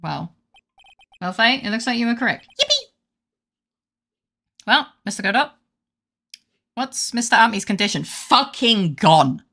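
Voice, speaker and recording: A woman's voice: mid-range voice, lively intonation, moderate pace, creaky, long pauses, a bit bright. A woman streamer giving playful, sarcastic commentary on a game, cursing casually.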